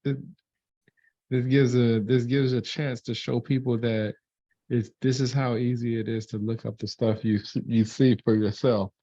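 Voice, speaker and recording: A man's voice: medium pitch, steady tone, moderate pace, warm tone, no room sound, lo-fi sound. A man hosting a casual online talk, rambling with many restarts and fillers.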